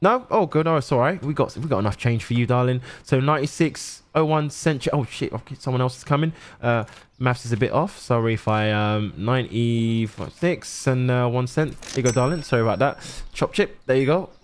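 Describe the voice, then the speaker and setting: A man's voice: mid-range voice, lightly acted. A young man playing a friendly shopkeeper who calls out prices and serves customers. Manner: brisk, friendly shop-worker patter. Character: cheery male shopkeeper touting and serving at a till.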